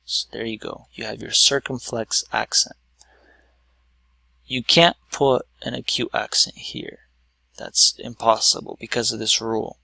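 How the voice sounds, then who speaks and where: A man's voice: medium pitch, steady tone, a little slow, vocal fry, bright, forceful tone, no echo. A man teaching a lesson at a whiteboard, explaining patiently step by step with some fillers.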